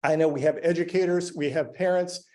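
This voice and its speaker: A man giving halting public remarks to a school board, with many fillers and restarts. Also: fairly high pitch, steady tone, a little mellow. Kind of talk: public comment at a board meeting. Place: public meeting room.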